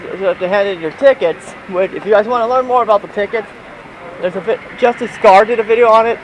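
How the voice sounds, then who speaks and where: A young man with a high voice vlogs on a handheld camera as he walks outdoors. He rambles, restarts his sentences and sounds slightly out of breath. Loud park noise fills the background. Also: fast, poor audio. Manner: rambling, restarts, catches breath while walking. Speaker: vlogger. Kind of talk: casual walking vlog.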